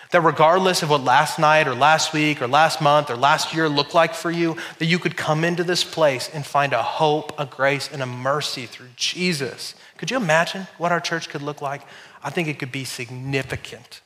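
A middle-aged man preaching a sermon as pastor, telling stories with animated, shouted quotes. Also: fairly high pitch, normal speed.

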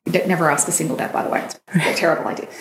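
A woman's voice: low voice, racing, reverberant, slight background noise. A woman guest on a podcast, telling a personal story with feeling and acting out the lines of the people in it. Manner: animated, acts out quoted dialogue. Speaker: dating coach guest.

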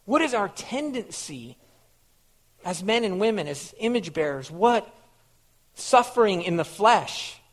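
A man's voice: high-pitched, sing-song, a little slow. A male pastor preaching a sermon in an earnest way, repeating phrases and putting questions to his listeners.

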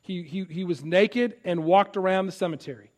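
High-voiced emphatic preacher. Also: male voice, moderate pace, a little mellow. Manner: emphatic, repeats words when restarting. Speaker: pastor. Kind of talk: sermon.

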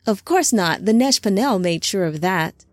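A woman voicing an excited young woman who gushes breathlessly with pride. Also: medium pitch, normal speed, no echo, faint music behind, lightly acted. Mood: joyful. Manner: breathless, gushing.

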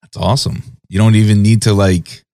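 Laid-back male host, lowish voice, dry close sound, casual questions. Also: a little fast, no echo. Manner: relaxed, easygoing questions. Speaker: podcast host. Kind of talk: casual interview.

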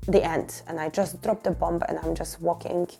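Candid woman with a gravelly, mellow voice. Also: fairly low pitch, fairly even intonation, normal speed, faint music behind. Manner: candid, emotional, restarts and repeats words. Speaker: podcast host and fitness coach. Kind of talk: personal podcast monologue.

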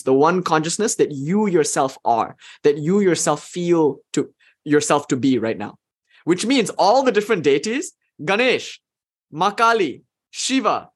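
A man giving a live online lecture as a spiritual teacher, speaking in an enthusiastic, conversational way with frequent "you know" fillers. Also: on the high side. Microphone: video call.

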